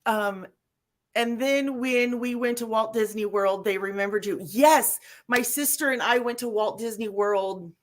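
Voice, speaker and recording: Woman, livestream host, casual chat, animated storyteller, slightly high voice. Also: a little slow.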